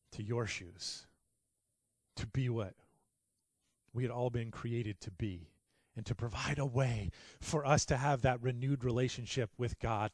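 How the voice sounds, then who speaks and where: A middle-aged male pastor giving a sermon, building to loud, passionate peaks and falling back to a soft, quiet delivery. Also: dry recording, studio quality. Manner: builds to loud, high-pitched passion, then drops to soft.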